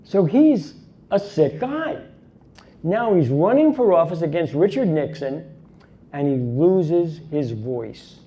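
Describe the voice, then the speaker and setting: A man's voice: a little high, very animated, slow pace, mellow. A man giving a dramatic storytelling talk as a conference speaker, emphatic and full of rhetorical asides. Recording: dull lo-fi recording.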